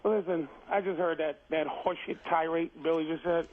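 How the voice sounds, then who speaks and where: A man's voice: fairly high pitch, steady tone, normal speed, a little hiss or hum. Insistent man calling in over a phone. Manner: insistent storyteller, keeps retelling and interrupting. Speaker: comedian calling in. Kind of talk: heated radio argument. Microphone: phone line. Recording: telephone call on the radio.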